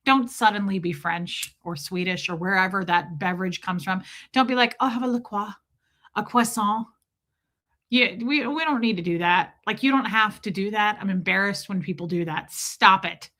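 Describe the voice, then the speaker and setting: A woman's voice: mid-range voice, normal speed, few pauses. An American woman hosting a livestream, chatting casually and emphatically with her viewers. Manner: animated, emphatic, mock accents. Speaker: livestream host.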